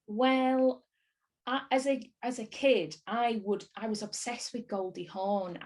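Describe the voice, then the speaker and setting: Speaking in a Northern English accent, an actress from Bolton rambles through a casual interview and laughs a lot. Her voice is medium-pitched and slightly mellow.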